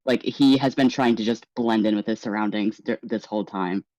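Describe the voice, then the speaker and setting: A man playing a tabletop game, describing his shy character in a hesitant, halting way. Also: fairly low pitch, fairly even intonation, darkish tone, dry recording, rough recording. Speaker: player.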